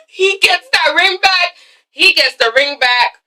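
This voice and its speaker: A woman with a bright, sharp, high voice recaps a TV episode in a casual, emphatic way, swearing freely. Her voice sits a little back from the microphone. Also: slow, distant mic, low-quality recording. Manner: profane, emphatic, re-enacts dialogue. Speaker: TV episode reviewer.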